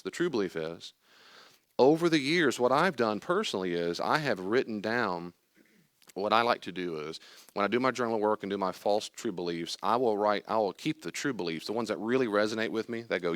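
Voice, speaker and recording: An older man teaches a group about anxiety with plenty of emphasis. His voice sits a little low, and the sound is dry and close. He acts out worried questions and steady answers as he talks. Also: brisk, no room sound. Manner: emphatic, acts out anxious and calm inner voices. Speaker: teacher leading a class on anxiety. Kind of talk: lively teaching talk to a group.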